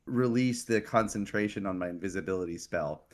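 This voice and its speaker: A woman playing a tabletop game, chatty and quick to laugh. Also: extremely low pitch. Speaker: player. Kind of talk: casual tabletop play.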